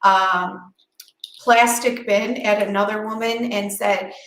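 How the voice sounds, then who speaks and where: Animated storytelling woman, bright voice. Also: medium pitch, echoey room, poor audio. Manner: animated, quick storytelling with acted-out quotes. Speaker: podcast co-host. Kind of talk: casual chat, storytelling.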